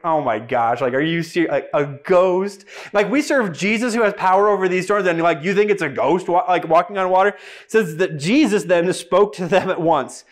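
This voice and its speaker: A young man preaching a sermon, animated and emphatic, with dramatic pauses and bursts of humor. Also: high-pitched. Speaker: pastor.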